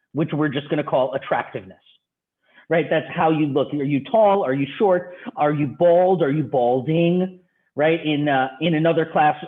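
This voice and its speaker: Chatty male lecturer on a tinny line. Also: fairly high pitch. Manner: conversational, fires off rhetorical questions. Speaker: university instructor. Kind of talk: online class lecture. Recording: tinny phone-like audio.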